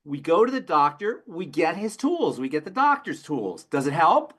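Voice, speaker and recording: Emphatic man explaining health, slightly high. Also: big pitch swings, normal speed, fairly bright tone, slightly rough. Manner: emphatic, repeats phrases, tells folksy stories. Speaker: pharmacist answering health questions. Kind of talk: call-in health talk.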